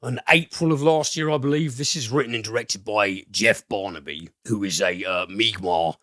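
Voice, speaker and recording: A man reviews films on a casual podcast, rambling and swearing freely. His voice is very low yet bright and forceful. The recording is close and dry. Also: moderate pace, no room sound. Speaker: podcast host and film reviewer. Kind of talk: casual film review chat.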